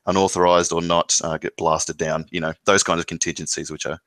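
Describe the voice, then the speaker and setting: A man playing in a tabletop game, asking measured tactical questions. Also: deep voice, flat delivery, a bit bright. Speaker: player. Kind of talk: tabletop game play, casual.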